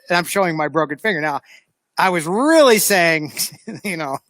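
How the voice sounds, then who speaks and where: American male host, high-pitched, dry close sound, lively casual storyteller. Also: moderate pace, no room sound. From United States. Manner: animated storyteller, lively re-enactment. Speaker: show host. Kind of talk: casual anecdote telling.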